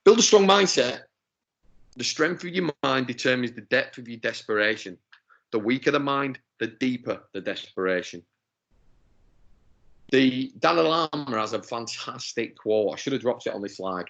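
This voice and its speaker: A man leads a motivational talk over a video call, his mid-pitched voice coming through dull and lo-fi. He talks emphatically and fires off rhetorical questions, slipping into small acted-out quotes as he goes. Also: fairly bright tone. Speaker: presenter.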